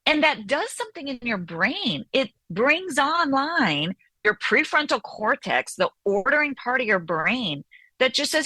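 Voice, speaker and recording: A woman's voice: high voice, big pitch swings, unhurried, pushed and bright, no echo. A woman therapist and author being interviewed on the radio, explaining animatedly and often checking in with "right?".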